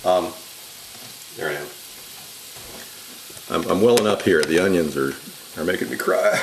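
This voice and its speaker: A man's voice: sits low, expressive, unhurried, long pauses, low-quality recording. A man hosting a casual home cooking demonstration in his kitchen, rambling into jokey asides as he works. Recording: sizzling pan noise behind voice. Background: frying and sizzling, knife clicks.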